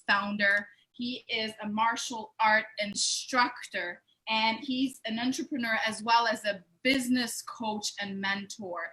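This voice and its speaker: A woman's voice: mid-range voice, sharp tone. A woman in her thirties hosting a casual live video chat, bubbly and enthusiastic, laughing often. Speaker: host.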